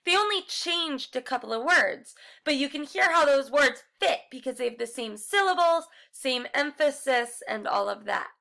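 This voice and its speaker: A woman's voice: sits high, animated, normal speed, gravelly, hardly any pauses, pushed and bright. A woman music teacher explaining a class project step by step in a recorded lesson, now and then singing short examples.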